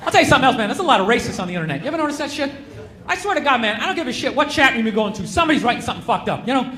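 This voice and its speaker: A man doing a stand-up comedy set in front of a crowd, ranting loudly and sarcastically, often shouting. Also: very high-pitched, lively intonation, very fast. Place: comedy club stage with a laughing crowd. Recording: echoey room with crowd noise.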